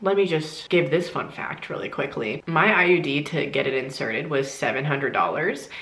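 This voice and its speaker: Low-voiced woman telling a storytime vlog. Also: normal speed. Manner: animated, laughs often while telling story. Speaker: vlogger. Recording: echoey room.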